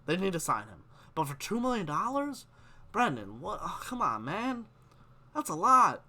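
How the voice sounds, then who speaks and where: Young male live-stream host, excitable and opinionated, bright tense tone. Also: high voice, moderate pace. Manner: animated, gets worked up, reads chat questions aloud. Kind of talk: casual live-stream hockey chat.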